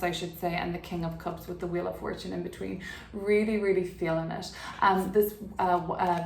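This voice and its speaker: A woman's voice: mid-range voice, darkish tone, reverberant, a little hiss or hum. A woman giving a casual tarot reading from her apartment, chatty and full of fillers. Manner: chatty, filler-heavy, laughs easily. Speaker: tarot reader.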